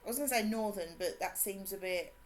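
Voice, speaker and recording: An English woman with a mixed Suffolk, Cockney and Brummie accent, chatting casually with viewers as she streams a game, bubbly and quick to laugh. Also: medium pitch. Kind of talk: casual live-stream chat.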